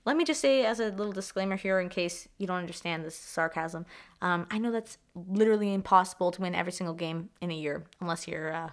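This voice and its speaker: A young woman from Canada chatting excitedly as a sports vlogger, swearing freely, repeating herself and trailing off mid-thought. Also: fairly low pitch, fast. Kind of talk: excited casual vlog chat.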